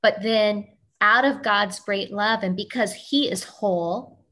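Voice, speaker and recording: A woman's voice: mid-range voice, takes it slowly, bright, forceful tone. Woman host asking affirming questions. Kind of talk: faith talk show interview.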